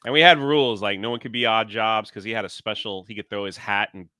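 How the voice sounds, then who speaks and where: A man co-hosting a casual livestream, chatting in an animated way and laughing often. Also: on the low side, fast talker, no room sound, studio quality. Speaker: co-host.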